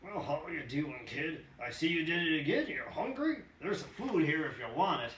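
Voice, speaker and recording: A man's voice: fairly high pitch, big pitch swings, normal speed, a bit bright, voice pushed up. A man voicing an easygoing older hobo with a folksy drawl, recorded from a distance in a roomy space. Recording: roomy, distant mic, faint hiss.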